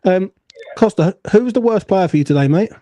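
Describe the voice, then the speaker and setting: A man's voice: sits high, lively intonation, a little fast, mellow, dry recording. A man hosting a football fan show, blunt and swearing as he rants. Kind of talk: heated fan call-in chat.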